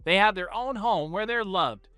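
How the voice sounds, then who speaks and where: A dismissive father and village leader snaps and shouts, voiced by a man. The voice is pushed high and loud, with a bright, forceful edge. It is dry and close, like a storybook read aloud. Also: moderate pace, smooth, no echo.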